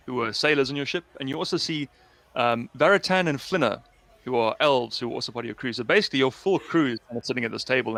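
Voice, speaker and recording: A man's voice: medium pitch, bright, forceful tone, dry recording. A man running a tabletop game as game master, narrating in a loose, chatty way over a call. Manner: loose, chatty, with many fillers and repeats.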